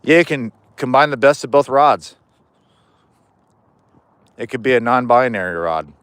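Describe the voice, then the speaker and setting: Walking home outdoors, a man chats casually on a livestream, rambling, joking and swearing freely. His medium-pitched voice is expressive, a little slow, slightly bright and smooth, with no room sound. A chest-mounted POV camera records him.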